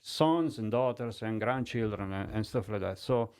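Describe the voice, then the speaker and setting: A middle-aged man from Italy speaking English with an Italian accent, telling his life story as a podcast guest in broken, animated English. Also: lowish voice, normal speed, clean tone. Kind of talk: personal testimony in conversation.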